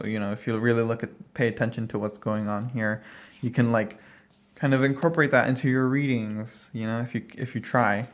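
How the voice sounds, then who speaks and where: A man at home talks casually through a card deck, rambling and thinking aloud. He fills pauses with "uh" and "you know" and laughs briefly now and then. His voice sits at a middling pitch. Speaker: tarot deck reviewer. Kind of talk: casual walkthrough talk. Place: at home, dog barking nearby.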